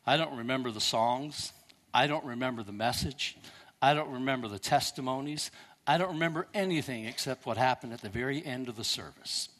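An older man preaching a sermon, telling a story and swinging between loud and hushed delivery. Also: mid-range voice, fairly quick, long reverb tail.

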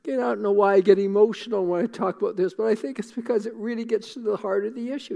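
A middle-aged man preaching a sermon, earnest and emotional, repeating phrases and dropping to a hush. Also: high voice, steady tone, fast, gravelly, hardly any pauses. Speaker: pastor.

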